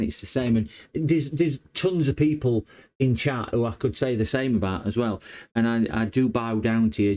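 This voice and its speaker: A man's voice: fairly low pitch, mellow. A man chatting casually on a repair livestream, rambling and hesitant with many fillers. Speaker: electronics repair streamer.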